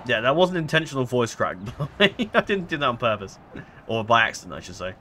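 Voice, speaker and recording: A man's voice: mid-range voice, very animated, fast talker, sharp tone, a little hiss or hum. A man giving casual let's-play commentary, rambling and hesitant, full of fillers and self-corrections. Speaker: gameplay commentator.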